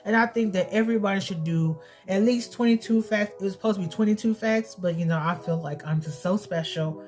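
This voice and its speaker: A woman's voice: medium pitch, a little fast, darkish tone, faint music behind. A woman in her thirties talking casually and bluntly to camera for her vlog, swearing freely and repeating herself for emphasis. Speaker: beauty and family vlogger.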